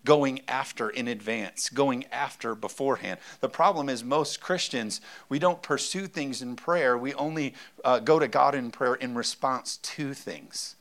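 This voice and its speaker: A man's voice: medium pitch, measured pace, few pauses, fairly bright tone. Emphatic man in his thirties preaching. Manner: emphatic preaching, often calling for amen. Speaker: pastor. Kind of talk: sermon.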